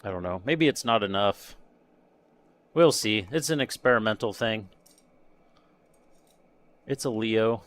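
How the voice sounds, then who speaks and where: A man with a slightly low voice chats on a live stream as he paints and sorts a model kit. He mutters to himself, trails off mid-thought and chuckles at small mishaps, all in an unhurried casual way. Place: home workshop.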